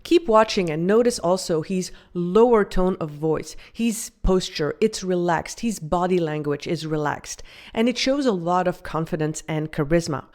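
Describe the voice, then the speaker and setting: A woman's voice: on the low side, normal speed, a little mellow. Woman host coaching on confidence. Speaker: video host and communication coach. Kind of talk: scripted commentary to camera.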